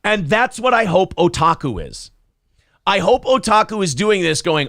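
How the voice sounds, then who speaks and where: Man, podcast co-host, high animated delivery, sarcastic ranting, profane banter. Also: normal speed, dry recording, studio quality. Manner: ranting, sarcastic, mocks critics in shouted voices.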